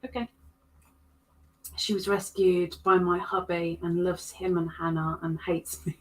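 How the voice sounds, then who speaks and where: A woman's voice: fairly low pitch, level tone, a little slow, long pauses. A woman hosting a casual crochet livestream, chatting playfully with viewers and with her pets.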